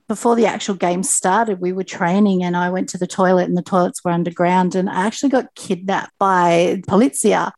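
A woman in her late forties with an Australian accent, a guest in an interview, telling her stories in a chatty, animated way. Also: medium pitch, dry recording. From Sydney, Australia. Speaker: interview guest, Paralympic athlete. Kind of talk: casual interview storytelling.

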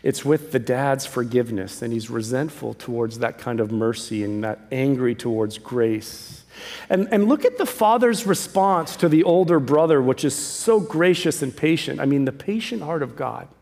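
A male pastor preaching a sermon, emphatic, swinging from loud calls to hushed pleas. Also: medium pitch, normal speed. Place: church sanctuary. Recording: long reverb of a large hall.

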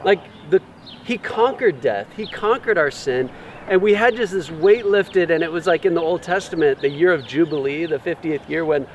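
A man earnestly sharing a personal faith testimony in a reflective, soft-spoken way. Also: fairly high pitch, normal speed, far from the mic, slight background noise.

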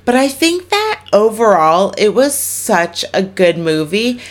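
A woman in her twenties co-hosting a podcast, chatting casually with quick asides and laughs. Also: mid-range voice, sing-song. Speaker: podcast co-host. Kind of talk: casual chat.

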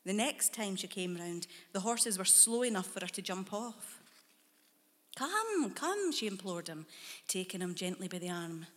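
Brief: woman narrator, lowish voice, measured and hushed, long hall reverb. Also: steady tone. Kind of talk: scripted story narration.

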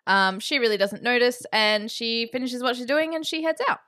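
A woman's voice: fairly high pitch, expressive, normal speed, pushed and bright, dry recording, studio quality. A woman co-hosting a podcast, recapping a horror film in chatty, wry casual talk. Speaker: podcast co-host.

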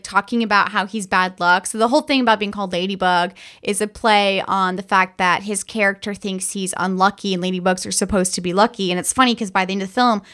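A woman's voice: mid-range voice, a bit bright. A woman co-hosting a casual movie review podcast, enthusiastically recapping scenes and quoting lines. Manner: enthusiastic, quotes lines from the film. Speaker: podcast co-host.

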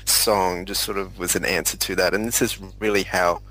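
A man's voice: deep voice, steady tone, moderate pace, sharp tone, poor audio. A man in a casual music discussion, earnest and explanatory, with many likes and you knows. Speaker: podcast panelist.

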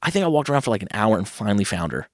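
A man in his thirties, a guest telling personal stories in a lively, casual way, acting out what others said. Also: fairly low pitch, no room sound, studio quality. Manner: animated, quotes others in quick asides. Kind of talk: casual storytelling.

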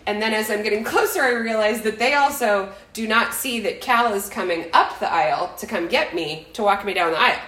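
Talking fairly quickly with few pauses, a woman in her forties co-hosts a podcast and tells a rambling story, cutting herself off and laughing often in casual conversation. Her mid-range voice is a bit bright. The recording is rough and sounds roomy.

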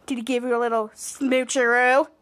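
A woman's voice: a little high, little pitch movement, normal speed, a bit bright, lightly acted. A woman voicing a nosy, teasing female news reporter with a gossipy manner.

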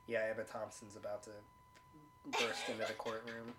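A man's voice: mid-range voice, unhurried, a loud crowd. A man from the United States co-hosting a casual chat, laid-back, swearing and laughing often. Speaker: podcast co-host.

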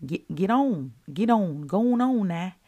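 A woman putting on a Southern accent to play a sassy Southern woman, urging listeners along in brisk, scolding repeats. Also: mid-range voice, big pitch swings, warm tone, slightly rough, heavily acted.

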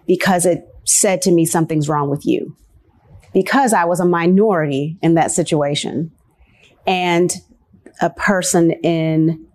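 A woman from the United States gives personal testimony in a low, measured voice. She takes her time and pauses often between thoughts. Her tone stays reflective as she speaks. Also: darkish tone. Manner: slow, reflective, pausing often. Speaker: interviewee telling her story.

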